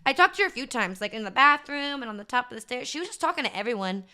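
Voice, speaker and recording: A woman's voice: high voice, lively intonation, racing, sharp tone, clean tone. A woman streamer chatting casually to her viewers, gushing and rambling with lots of filler words. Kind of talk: casual livestream chat recap.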